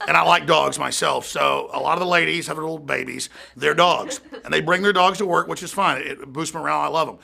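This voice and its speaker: A man's voice: fairly high pitch, fairly quick, vocal fry, hardly any pauses, bright, forceful tone. A man hosting a studio show, rambling and repeating himself with laughing asides. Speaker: show host. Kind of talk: off-the-cuff studio banter.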